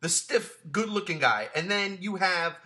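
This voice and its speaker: High bright-voiced stammering man. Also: animated, moderate pace. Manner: stammering, repeats words while searching for them. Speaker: podcast host. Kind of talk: casual film discussion.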